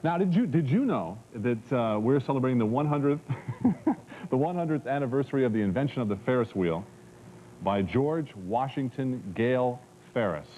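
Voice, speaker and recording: A man's voice: medium pitch, lively intonation, moderate pace, warm tone, a little hiss or hum, low-quality recording. A man co-hosting a TV talk show, joking around and stammering over his words. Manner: stammering, jokey, repeats words. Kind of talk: jokey TV talk chat.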